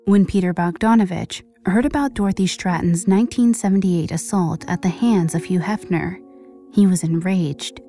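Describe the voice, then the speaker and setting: A woman narrating a scripted true-crime story with measured pacing and dramatic pauses. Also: lowish voice, warm tone, soft background music. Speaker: podcast narrator.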